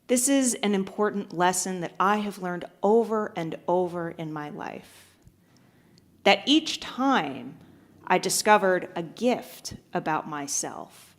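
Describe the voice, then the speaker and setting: A woman's voice: fairly low pitch, expressive, slow pace. A woman pastor giving a sermon, telling a joke with acted-out voices and then preaching. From United States. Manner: storytelling, acts out voices in a joke.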